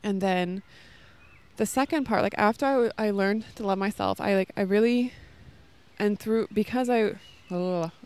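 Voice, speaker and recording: Her medium-pitched voice is clean and a little mellow, and she keeps a measured pace. This podcast host, a woman in her thirties, rambles earnestly and casually about love and self-worth, full of fillers, in a casual spiritual talk recorded in a park with children playing nearby.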